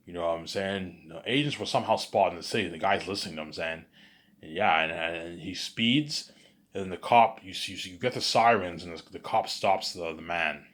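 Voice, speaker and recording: A man's voice: low-pitched, a little fast, fairly bright tone. A man telling an imagined film scene in a loose, rambling way, restarting sentences and checking in with his listener. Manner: rambling, restarts often, keeps repeating "you know what I'm saying". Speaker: storyteller.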